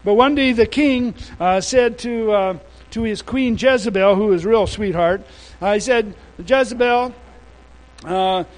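A man's voice: high voice, low-quality recording. A man preaching a sermon, retelling a story in a folksy, slangy way and often restarting his sentences. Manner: informal storytelling with casual slang; halting, with many restarts.

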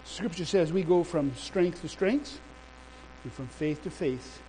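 A male preacher delivering a sermon and telling a story in an animated, emphatic way. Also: on the high side, a little slow, slight background noise, low-quality recording.

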